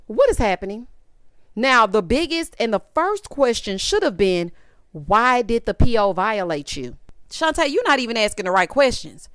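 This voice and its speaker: A woman's voice: fairly high pitch, big pitch swings, moderate pace, fairly bright tone, clean tone, dry recording, clean studio sound. Sassy woman recapping reality TV. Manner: sassy, exasperated, quotes people in voices. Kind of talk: casual commentary recap.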